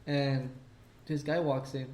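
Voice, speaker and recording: A man's voice: medium pitch, slow pace. A man co-hosting a casual podcast, swearing freely and acting out the people in his stories as he tells them. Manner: profane, animated storyteller acting out quotes. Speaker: podcast co-host. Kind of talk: casual drunk podcast chat. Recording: echoey room.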